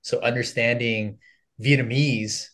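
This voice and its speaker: A man's voice: mid-range voice, steady tone, unhurried, a bit bright. A young adult man from the United States, a podcast guest chatting casually, with lots of fillers and frequent laughter. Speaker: podcast guest, content creator. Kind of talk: casual interview conversation.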